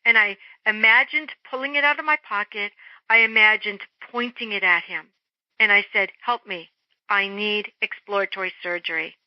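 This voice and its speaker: A middle-aged woman, an interview guest, telling a story in an animated way and acting out the voices of the people in it. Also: medium pitch, normal speed, no echo. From Germany. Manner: animated, acts out quoted voices. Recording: dull lo-fi phone-line sound.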